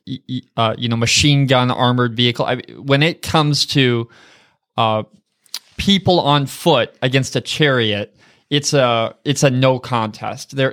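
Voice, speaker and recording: A man with a mid-pitched voice joins a conversational bible commentary. He explains his points by thinking out loud. He fills the gaps with hesitations and keeps reaching for the right word. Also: clear, resonant tone. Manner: searching for words, many fillers. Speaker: bible study co-host.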